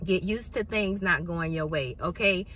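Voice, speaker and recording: A woman's voice: fairly low pitch, normal speed, fairly bright tone, a little hiss or hum. A woman hosting her own video, giving a chatty faith-based motivational talk and talking straight to her viewers. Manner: chatty, preachy, says y'all and okay a lot. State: recovering from a sore throat. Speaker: inspirational video host. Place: in her car.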